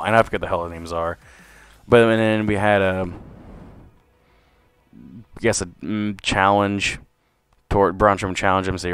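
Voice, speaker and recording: A man's voice: lowish voice, normal speed, pauses often, smooth, faint music behind. A young man hosting a wrestling podcast, rambling through a casual review with lots of swearing and fillers. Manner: rambling, profane, excitable. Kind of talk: casual solo review commentary.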